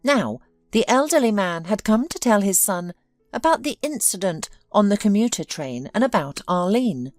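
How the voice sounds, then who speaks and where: A woman's voice: medium pitch, darkish tone, no room sound. A woman telling a dramatic story in scripted narration.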